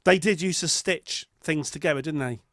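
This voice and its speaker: A man's voice: on the high side, normal speed, no echo. A British man co-hosting a comedy podcast, chatting casually with dry, musing remarks and rhetorical questions. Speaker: podcast co-host.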